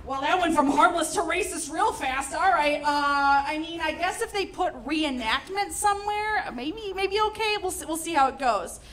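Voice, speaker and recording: A young woman performing a stand-up comedy set, telling stories with animated, sarcastic asides. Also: extremely high pitch, normal speed, few pauses, a little hiss or hum.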